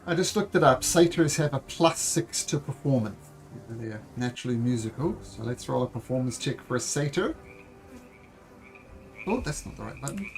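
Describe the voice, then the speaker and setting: A man running a tabletop game as game master, relaxed and quick to laugh. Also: mid-range voice, faint music behind.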